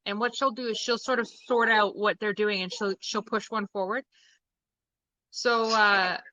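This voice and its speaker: A woman hosting a live-streamed seance, listening to a spirit box and puzzling over faint messages in a hushed way. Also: medium pitch, dry recording. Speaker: host.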